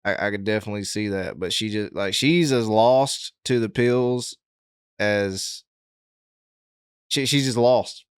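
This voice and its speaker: A man hosting a reaction video, talking casually and thoughtfully, pausing with lots of fillers. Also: lowish voice, smooth, dry recording, studio quality. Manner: thoughtful, halting, with many fillers. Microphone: headset.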